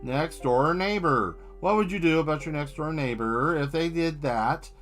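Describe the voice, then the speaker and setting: A man's voice: on the high side, normal speed, a bit bright, faint music behind. A man chatting casually on a live stream while he draws, rambling and riffing on jokes. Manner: rambling, joking riffs. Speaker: streaming artist.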